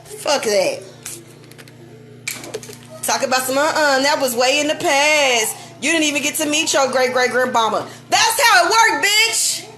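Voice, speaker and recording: Speaking in a high, pushed and bright voice, a woman in her thirties vents to the camera in an unscripted rant. She's a vlogger filming in her kitchen at home, swearing heatedly and at moments nearly crying.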